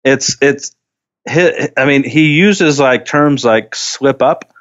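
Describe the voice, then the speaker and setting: A man co-hosting a podcast in casual chat, talking haltingly with many restarts and fillers. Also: mid-range voice, fairly bright tone. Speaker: podcast co-host. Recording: slightly dull lo-fi sound.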